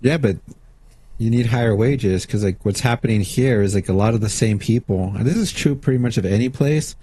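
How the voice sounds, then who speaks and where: Profane joking man, dark husky voice. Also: fairly low pitch, brisk, no echo. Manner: profane, joking, animated retelling. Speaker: podcast co-host. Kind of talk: casual chat.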